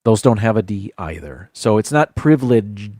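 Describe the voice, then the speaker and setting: A man's voice: lowish voice, lively intonation, normal speed, a little mellow, dry recording, studio quality. A man hosting a live stream in casual chat, rambling and repeating words while he thinks.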